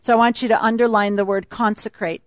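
A woman's voice: on the high side, fairly even intonation, fast talker, dry recording. A woman speaking at a retreat, teaching a Bible passage in a chatty, laughing sermon style.

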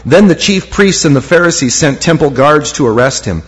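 A man's voice: fairly high pitch, expressive, normal speed, slightly rough. A man preaching a sermon as pastor, reading scripture aloud in a church and lifting key phrases for emphasis. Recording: long hall reverb.

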